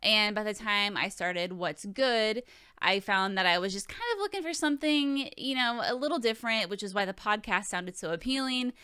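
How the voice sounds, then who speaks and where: A woman's voice: medium pitch, expressive, moderate pace, bright, forceful tone, clean tone, no room sound, studio quality. A woman in her thirties hosting a casual question-and-answer vlog, talking in a profane, joking, chatty way. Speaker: video host answering viewer questions.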